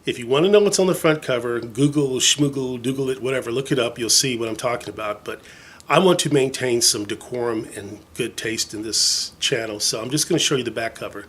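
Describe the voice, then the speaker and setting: Husky-voiced man gushing about records. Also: mid-range voice, a little fast, a bit bright. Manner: enthusiastic, rambling, many fillers; jokey asides. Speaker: record collector showing his vinyl. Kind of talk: casual show-and-tell vlog.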